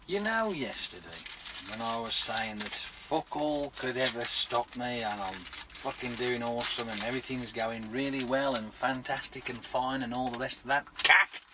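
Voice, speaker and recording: A man, telling a sweary, animated story in a casual vlog rant. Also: medium pitch, normal speed, background noise. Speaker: vlogger.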